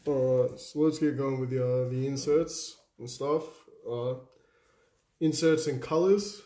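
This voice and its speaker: A man's voice: medium pitch, measured pace, mellow. A young Australian man co-hosting a card-opening video, casually reeling off card names and swearing through the banter. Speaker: card-break co-host.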